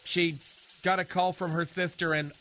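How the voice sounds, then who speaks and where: A man's voice: sits high, level tone, normal speed, sharp tone, a little hiss or hum. An actor playing a flamboyant, fussy, gossipy man in a comedy radio sketch, with a campy sing-song manner and dramatic sighs. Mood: campy gossip.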